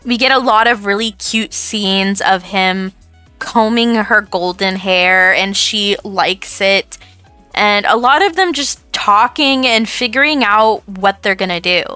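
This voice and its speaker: Bright, chatty young woman. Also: mid-range voice, measured pace, smooth, faint music behind. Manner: chatty and gushing, repeats herself. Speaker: book reviewer. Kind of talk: casual book review monologue.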